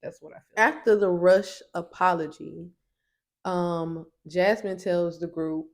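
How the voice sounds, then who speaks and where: A woman's voice: lowish voice, steady tone, measured pace, darkish tone. Sassy woman recapping a show. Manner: sassy, emphatic. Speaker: TV show reviewer. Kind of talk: casual recap.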